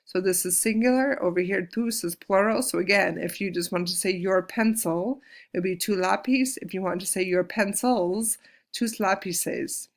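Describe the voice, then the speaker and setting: Casting note: woman, Spanish teacher, gravelly edge, patient and clear, slows down to model words. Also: medium pitch. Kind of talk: recorded classroom lesson.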